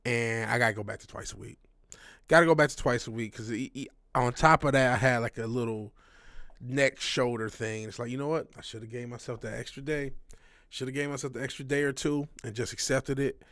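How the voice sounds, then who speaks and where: A man in his thirties hosts a casual livestream, his voice sitting at an ordinary middle pitch. He rambles and talks frankly, swearing often and doubling back on his sentences. The sound is dry and close, with no room around it. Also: steady tone, fairly quick, fairly bright tone, no echo. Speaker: livestream host.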